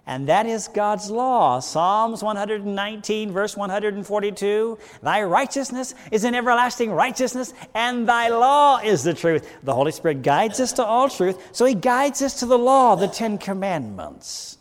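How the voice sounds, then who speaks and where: A male pastor preaching a Bible study sermon, asking the congregation questions and answering them himself, with big swings between loud and soft. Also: sits high, lively intonation, moderate pace, hardly any pauses. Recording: long hall reverb.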